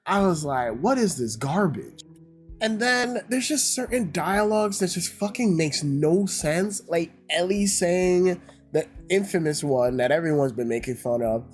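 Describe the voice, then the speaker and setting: A man's voice: high voice, unhurried, faint music behind. A man giving a casual, ranting review, swearing heavily and sounding exasperated. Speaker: YouTube reviewer.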